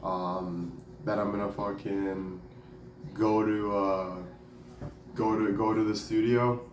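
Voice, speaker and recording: A man's voice: lowish voice, level tone, takes it slowly, recorded from a distance, slight background noise. A young man telling a story in a casual, rambling way, packing his talk with "like" and "dude" and swearing now and then. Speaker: vlogger and singer. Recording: roomy sound, off the mic, faint ambience.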